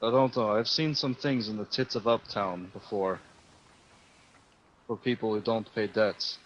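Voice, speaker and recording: A man playing his character in a tabletop game, calm and measured. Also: fairly low pitch, slight background noise. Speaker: player. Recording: dull lo-fi audio.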